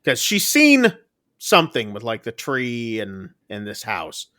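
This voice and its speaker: Bright-voiced man recapping a film. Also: medium pitch, a little slow, no echo, studio quality. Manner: animated plot retelling with many fillers. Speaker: podcast co-host. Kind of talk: casual film review chat.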